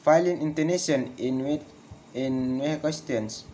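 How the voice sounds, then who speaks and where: A man reading an English lesson aloud, speaking example sentences slowly and carefully. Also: on the high side, darkish tone, a little hiss or hum, poor audio. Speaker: English teacher.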